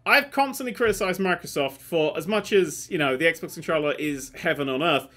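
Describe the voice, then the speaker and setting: A man's voice: fairly high pitch, a little fast, a bit bright. A young man hosting a casual gaming news chat, sweary and prone to ranting. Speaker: host.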